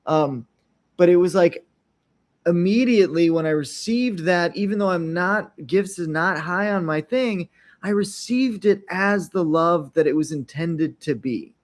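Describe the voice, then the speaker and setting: A man's voice: sits high, a little slow. A man hosting an unscripted podcast, talking in a loose, rambling way, often checking in with "right?" and briefly acting out little quotes. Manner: rambling, frequent tag questions, acts out little quotes. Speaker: podcast host.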